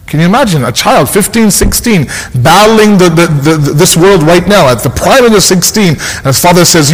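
Earnest imam preaching in a reverberant hall. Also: male voice, on the high side, expressive, fairly quick, breathy edge. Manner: earnest, emphatic, repeats key phrases. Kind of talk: sermon.

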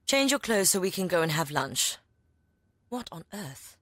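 A woman playing a teasing, caring middle-aged aunt in a dubbed TV drama, with a wry, gently mocking manner. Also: on the low side, sing-song, a little slow, dry recording, studio quality.

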